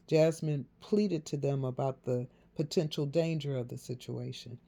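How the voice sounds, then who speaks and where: A woman narrating a novel in a measured storytelling delivery. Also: sits low, dark tone. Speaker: audiobook narrator.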